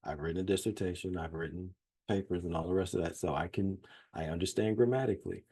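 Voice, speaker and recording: A man's voice: low voice, quick pace, mellow, slightly rough. A man from Louisiana with a Southern accent, a psychologist giving a folksy, chatty training talk over a video call. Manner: folksy, chatty, self-deprecating humor. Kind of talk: casual webinar lecture.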